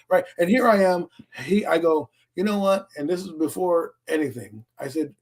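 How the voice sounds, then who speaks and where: A man with a high, husky voice tells sports stories in a loose, animated way, and he swears often. It sounds like casual chat on a talk stream. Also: fast talker, hardly any pauses. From Philadelphia area, US. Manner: animated storytelling, profane. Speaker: podcast co-host.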